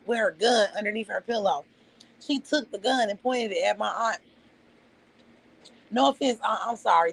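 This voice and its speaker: Fired-up woman streamer cussing and repeating herself, raspy husky voice, kinda high. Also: poor audio. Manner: heated, profane, repeats phrases for emphasis. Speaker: livestream host. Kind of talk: emotional livestream rant.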